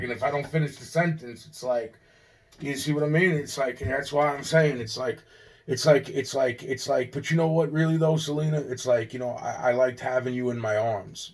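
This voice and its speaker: A man delivering a rambling monologue, repetitive and profane, circling through restarts and breaking into sudden loud outbursts. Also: medium pitch.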